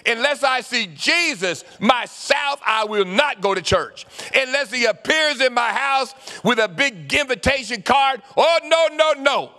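A man voicing a stubborn, frightened disciple who loudly refuses to believe. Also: extremely high pitch, lively intonation, measured pace, hardly any pauses, long reverb tail, pitched above the performer's own voice, full character voice. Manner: loud, insistent refusals.

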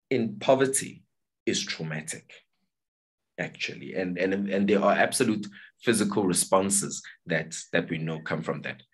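Man, low voice, slightly husky, psychotherapist, online workshop talk, video call, fast and earnest. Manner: fast, earnest, restarts often with fillers. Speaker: psychotherapist presenter.

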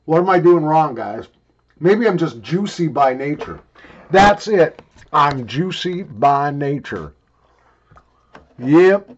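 A man's voice: a little high, expressive, slow, pauses often, highs cut off. An older man rambling and joking crudely while he talks around a wad of chewing tobacco in a casual review video.

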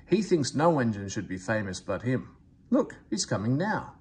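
A man's voice: medium pitch, sing-song, moderate pace, breathy edge. A man voicing a kind, soothing old engine in a read-aloud storybook. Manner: gentle and soothing.

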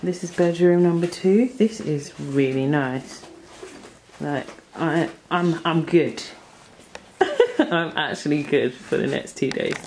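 Slow, low-voiced woman vlogging. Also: sing-song, darkish tone. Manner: hesitant, lots of ums. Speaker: travel vlogger. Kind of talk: casual vlog chat. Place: holiday rental flat, indoors. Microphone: handheld camera. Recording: noisy travel footage.

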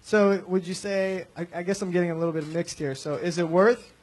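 A man's voice: high-pitched, steady tone, a little fast, darkish tone. A young man from North Miami, an eager, self-deprecating open-mic comedian doing a stand-up set and then taking notes on it. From North Miami, USA.

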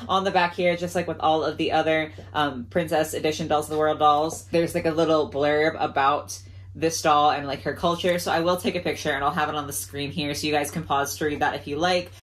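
Woman chatting casually about her dolls, lowish voice, lots of "like" and little laughs, gets emotional and thankful. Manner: chatty, with frequent fillers and soft laughs; openly emotional and grateful. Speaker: doll collector vlogger. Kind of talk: casual haul vlog.

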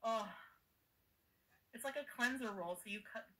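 A woman's voice: a little high, moderate pace, sharp tone, poor audio. A worn-out woman talks on a casual livestream, tired and delirious after long travel. She giggles often and greets her viewers one by one in a chatty, scattered way.

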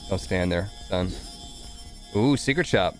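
Brief: guy, lowish voice, joking stream co-host, game music faint underneath. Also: lively intonation, a little slow. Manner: joking, laughs often. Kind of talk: casual gaming chat.

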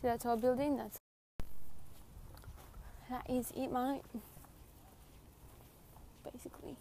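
A woman's voice: high voice, steady tone, slow pace, dark tone. Give me an eighteen-year-old woman, rambling. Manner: giggly, rambling storytelling. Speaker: livestreamer. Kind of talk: casual livestream chat. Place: outdoors in a city. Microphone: phone. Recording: noisy phone livestream.

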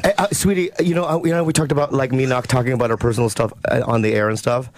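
A man's voice: medium pitch, fairly even intonation, rapid-fire, a little hiss or hum. A man, a comedian guest on a radio show, rambling in a flustered, sheepish way. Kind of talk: radio studio banter.

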